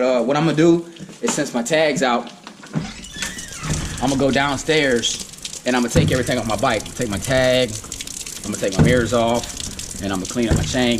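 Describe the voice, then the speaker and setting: A man's voice: mid-range voice, roomy sound, noisy background. Easygoing Southern man vlogging. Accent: Southern American. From American South. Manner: easygoing, rambling. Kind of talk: casual vlog chat.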